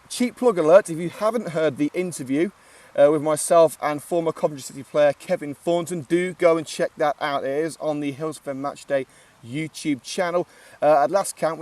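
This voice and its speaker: A chatty man calls a football match live from an outdoor ground, filling pauses with "uh" and cracking jokes. His voice sits fairly high, and he sounds a little distant from the mic. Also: a little mellow. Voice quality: chatty, joking, many filler "uh"s. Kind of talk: live amateur match commentary.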